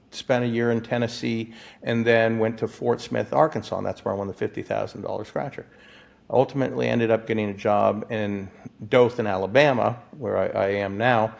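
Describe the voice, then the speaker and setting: A gravelly-voiced man from Florida tells his story as an interview guest. He is excitable and stumbles over his words with frequent restarts, laughing often. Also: medium pitch. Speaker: guest, physician and lottery winner.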